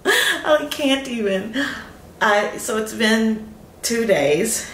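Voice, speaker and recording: Talking casually to the camera from her hospital room, a new mother vlogging her birth gushes, giggles, and is overcome with emotion. Her voice is a little high and fairly bright with lively intonation, very slow, in a roomy recording with a faint hiss or hum.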